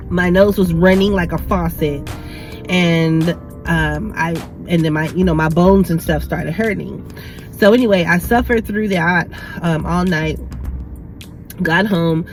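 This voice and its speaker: A woman with a lowish, somewhat dark voice vlogs casually while sick, coughing and short of breath. She rambles and chats first from her car while driving, then at home while walking around. The recording quality is low.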